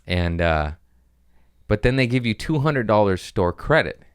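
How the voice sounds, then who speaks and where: A male podcast host tells comic stories casually, rambling and swearing a lot and doing animated put-on voices. His lowish voice is clear and resonant, at a measured pace, with clean studio sound and no room sound.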